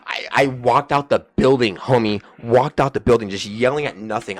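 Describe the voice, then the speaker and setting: Very deep-voiced young man, animated storyteller. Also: normal speed, hardly any pauses, dry recording. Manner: animated storyteller, swears a lot, swings from mutters to yelling. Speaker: podcast guest telling a work story. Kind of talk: casual chat.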